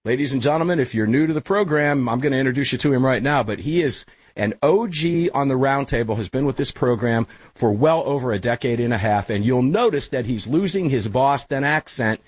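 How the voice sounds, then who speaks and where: A chatty male talk radio host with a slightly husky voice, speaking close to a studio microphone. The sound is dry and close. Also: medium pitch, brisk, no echo. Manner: energetic, chatty, calls everyone brother. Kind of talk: casual talk radio hosting. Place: small hot studio full of equipment.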